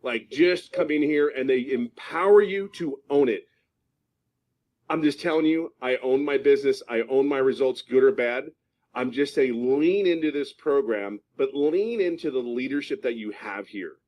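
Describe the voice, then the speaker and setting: A man's voice: mid-range voice, moderate pace, a little mellow. A man in his fifties from California giving a passionate testimonial, emphatic and repeating himself for stress. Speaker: program member giving a testimonial.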